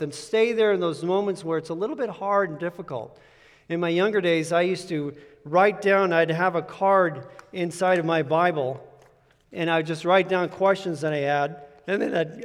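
A male pastor delivers a sermon in an earnest, conversational way, driving points home by repeating them. His voice sits a touch high for a man. The sound carries the long reverb of a large hall. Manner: earnest, conversational preaching with emphatic repetition.

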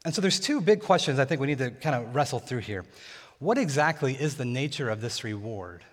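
A man's voice: mid-range voice, animated, fairly quick, a bit bright. A young adult man preaching a sermon in a casual, conversational teaching manner. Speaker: pastor. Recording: long hall reverb.

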